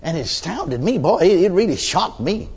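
A male preacher telling a story from the pulpit in a folksy, conversational manner. His voice sits a little high for a man and swoops up and down with lively movement. He laces the sermon with chuckling asides and keeps checking in with "you see". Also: moderate pace, creaky, slightly rough. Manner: many restarts and filler tags like "you see".

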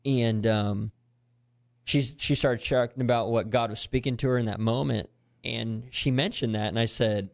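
A man's voice: medium pitch, moderate pace, vocal fry. A man, a youth pastor, animatedly telling a story in conversation and acting out the voices of the people in it. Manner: animated, acts out quoted voices, earnest.

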